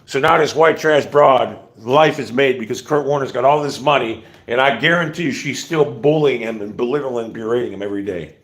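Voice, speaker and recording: A man's voice: mid-range voice, a little fast, few pauses. Blunt rambling man on a livestream. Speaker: livestream host. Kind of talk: casual livestream rant.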